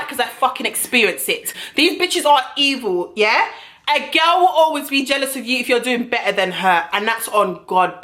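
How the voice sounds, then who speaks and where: A young woman telling a storytime vlog in a brash, profane, animated way, recorded at home on a camera mic. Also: on the high side. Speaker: vlogger.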